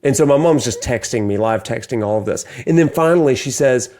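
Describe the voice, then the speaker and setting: A man co-hosting a TV recap podcast, telling a family story in an animated way and laughing often. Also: mid-range voice, a little fast, hardly any pauses. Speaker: podcast co-host. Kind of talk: casual chat.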